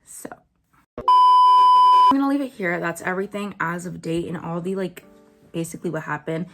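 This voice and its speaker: A woman's voice: lowish voice, wildly swooping pitch, moderate pace, over loud music. Blunt chatty woman vlogger. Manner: chatty, blunt, filler-heavy with "like" and "um". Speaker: commentary vlogger. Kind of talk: casual commentary chat.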